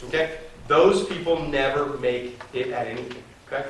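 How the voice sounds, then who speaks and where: A man working as a sales trainer in a meeting room, giving a lively motivational seminar full of slang and call-and-response chants. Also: mid-range voice, normal speed. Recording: very echoey room from a distance, faint noise.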